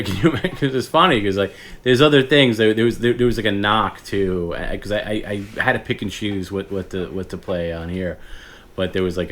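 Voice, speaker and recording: A man hosting a casual late-night stream, rambling, often laughing and breaking into hushed imitations of others. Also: sits low, a little hiss or hum. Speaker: podcast host.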